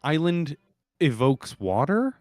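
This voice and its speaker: Guest, male, blunt and sweary, pitch swings a lot, dry close sound. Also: sing-song, slow pace, no room sound, faint music behind. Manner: blunt, swears freely, thinks out loud. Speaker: guest game master. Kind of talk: casual chat.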